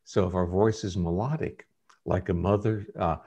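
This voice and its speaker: A man, a guest scientist in an interview, giving measured, lecturing explanations. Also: sits low, steady tone, dark tone, slightly rough, muffled recording.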